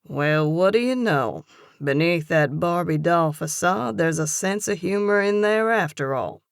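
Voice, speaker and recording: A woman's voice: on the low side, lively intonation, a little slow, creaky, no echo, studio quality. A woman voicing a teasing, easygoing young man in an audiobook, with a wry, playful delivery. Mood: amused. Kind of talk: audiobook character voice.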